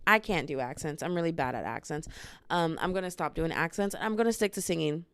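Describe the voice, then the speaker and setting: A woman in her 20s hosts a casual podcast vlog from a room at home with a bookshelf, talking into a small handheld camera. She's bubbly, rambling, and self-mocking, speaking fast in a deep, smooth voice. The recording is dry and of studio quality.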